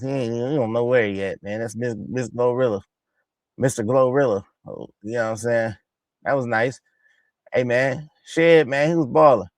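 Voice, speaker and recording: A man hosting a casual reaction show, talking excitedly and in slang over game highlights and repeating himself. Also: dry recording. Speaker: host of a basketball reaction channel.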